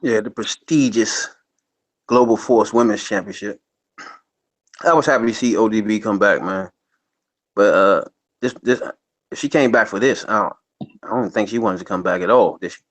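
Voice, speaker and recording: A man's voice: fairly low pitch, moderate pace, long pauses, fairly bright tone. Laid-back slangy man co-hosting. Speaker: podcast co-host. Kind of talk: casual wrestling review chat.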